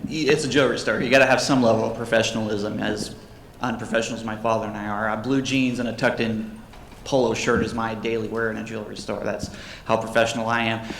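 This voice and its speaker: A young man tells funny customer stories from his jewelry shop at a relaxed, easy pace, slipping into raised voices to act out the people in them. His voice sits at an ordinary middle pitch. He is recorded in a roomy, echoing hall with a faint hum of ambience behind him. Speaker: jeweler giving a convention panel talk. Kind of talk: casual storytelling to an audience. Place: convention panel room.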